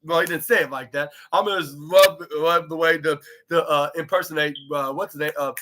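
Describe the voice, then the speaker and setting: Podcast host, male, high voice, rambling casual recap full of filler words. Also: fairly even intonation, fairly quick, pushed and bright. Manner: rambling, heavy use of filler "like", retells dialogue. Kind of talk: casual wrestling show recap.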